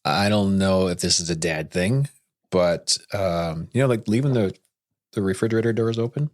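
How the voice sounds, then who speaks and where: A middle-aged man co-hosting a podcast, responding in a warm, supportive way during casual chat. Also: low voice, normal speed. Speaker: podcast co-host.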